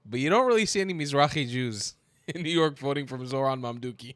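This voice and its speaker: A man hosting a reaction commentary, blunt, joking and quick to swear. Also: medium pitch, expressive, no room sound, clean studio sound. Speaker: commentary host.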